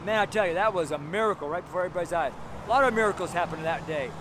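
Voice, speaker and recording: A man's voice: sits high, very fast, noisy background. An older man preaching a fervent street sermon outdoors by busy roads, exhorting and repeating his points. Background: passing cars.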